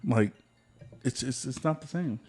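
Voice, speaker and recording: A man's voice: medium pitch, unhurried, darkish tone, husky. Joking laid-back podcast host guy. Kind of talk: casual chat.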